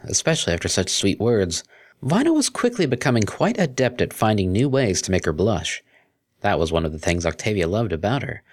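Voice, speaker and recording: A man narrating a fan fiction story aloud in an expressive storytelling manner. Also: deep voice. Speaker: story reader.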